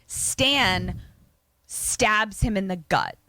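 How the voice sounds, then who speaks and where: A woman's voice: mid-range voice, expressive, drawn-out words, bright, forceful tone, a little hiss or hum. A young adult woman co-hosting a podcast, recapping a film in chatty, profane casual speech. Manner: chatty and profane, with many fillers. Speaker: podcast co-host.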